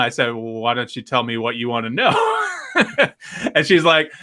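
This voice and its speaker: A man's voice: mid-range voice, moderate pace, pushed and bright. A man on a podcast telling a long complaint story, acting out both sides of a phone call. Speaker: podcast host. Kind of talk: casual podcast chat.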